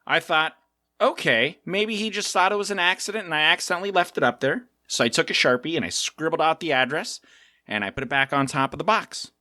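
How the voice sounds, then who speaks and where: A middle-aged man from South Africa co-hosting a podcast, telling stories in a casual, animated way and acting out the voices of the people in them. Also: on the high side, fairly quick, no echo, studio quality. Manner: animated storyteller, acts out quotes. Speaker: co-host.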